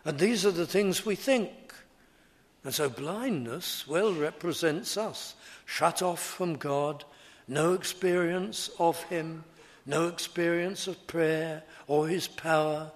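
Slow, deliberate male preacher. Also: on the high side, fairly even intonation. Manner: slow, deliberate, repetitive phrasing. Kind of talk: sermon.

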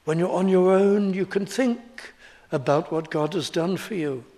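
A man in his seventies preaching a sermon in a slow, deliberate, emphatic way. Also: high-pitched, mellow.

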